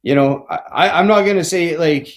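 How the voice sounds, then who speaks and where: A man in his forties, guesting on a podcast, tells his recovery story candidly in a fairly high voice, talking a little fast. He swears a lot, tags lines with "right?" and "man," and rambles with frequent restarts.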